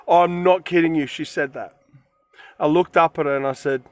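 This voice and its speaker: A man's voice: fairly high pitch, moderate pace, dry recording. A man vlogging from his van in a forest, retelling a run-in in a rambling, emphatic way. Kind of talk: casual storytelling to camera.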